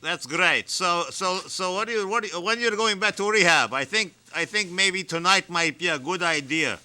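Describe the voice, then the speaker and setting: Brief: male radio comedy host, dry and deadpan, high bright voice. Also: normal speed, clean tone.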